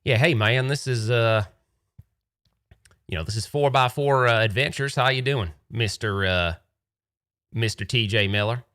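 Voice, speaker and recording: A man's voice: medium pitch, measured pace, long pauses, a bit bright, clear, resonant tone, dry recording, clean studio sound, close to an everyday voice. A man voicing a laid-back rural male desert tour guide with easygoing, friendly sales patter.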